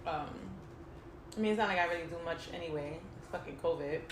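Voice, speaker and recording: Talking fast in a fairly low voice, a young woman co-hosts a podcast in casual chat, candid, swearing freely and laughing a lot. The recording has a roomy echo and faint noise.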